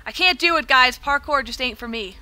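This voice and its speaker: A woman's voice: sits high, brisk, sharp tone, soft background music. A woman hosting a gaming video, playing and commenting in a playful, self-mocking, dramatic way. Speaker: gaming channel host.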